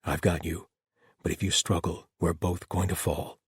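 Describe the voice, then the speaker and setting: Man doing a steady, eerily calm male paladin, deep husky tone, dry close sound. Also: moderate pace, no echo.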